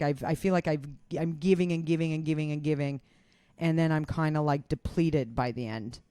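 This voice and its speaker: A woman's voice: low-pitched, a little mellow, smooth, no room sound. A woman co-hosting a podcast, chatting casually and candidly, swearing freely and poking fun at herself. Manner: chatty, swearing, self-deprecating. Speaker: podcast co-host; comedian. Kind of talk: casual chat. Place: indoors.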